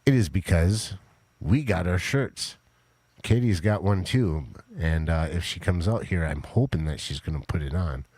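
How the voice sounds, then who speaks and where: Casual male stream host, low monotone voice, loose and rambling, dry close mic. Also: moderate pace, dry recording. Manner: rambling, talks to chat, fillers and restarts. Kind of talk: casual live stream chat.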